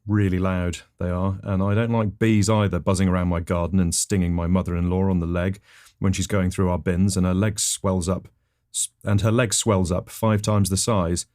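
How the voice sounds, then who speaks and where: Low-voiced man telling absurd stories deadpan. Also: normal speed. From England. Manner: rambling, matter-of-fact delivery with self-corrections. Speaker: comedy podcast host.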